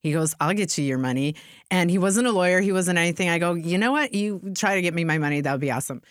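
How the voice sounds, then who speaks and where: A middle-aged woman spins stories in a casual chat, slipping into the voices of the people she quotes. Her voice is smooth and fairly low for a woman. The sound is close and dry, with no room around it. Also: quick pace, dry recording. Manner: animated, acts out quoted voices. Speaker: podcast guest.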